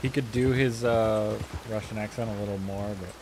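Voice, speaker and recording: A man's voice: on the low side, fairly even intonation, moderate pace, background noise. A man streaming a game and chatting casually to viewers, muttering to himself with half-finished thoughts. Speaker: livestreamer. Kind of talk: casual gameplay chat to viewers.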